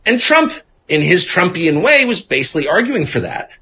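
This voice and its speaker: A man's voice: sits high, moderate pace. Sardonic man in his fifties. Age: 50s. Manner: animated and sardonic, mimics other people mid-sentence. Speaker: interview guest. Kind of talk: casual conversation.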